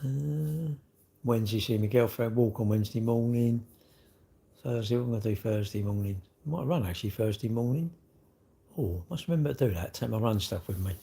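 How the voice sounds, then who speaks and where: A man's voice: mid-range voice, a little fast, gravelly, warm tone, a little hiss or hum. A middle-aged man hosting a casual livestream, chatting bluntly and jokingly with viewers as he reads their comments. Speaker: livestream host.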